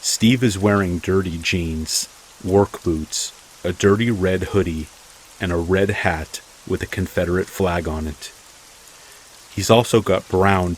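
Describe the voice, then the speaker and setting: Brief: low-voiced male horror narrator, steady and measured, faint rain hiss in the background. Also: poor audio. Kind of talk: scripted first-person horror narration.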